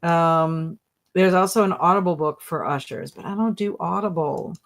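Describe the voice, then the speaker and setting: At normal speed and fairly low pitch, this woman runs a laid-back booktube livestream. She reads viewers' comments aloud, keeps up a chatty, giggly tone, and laughs often at their jokes.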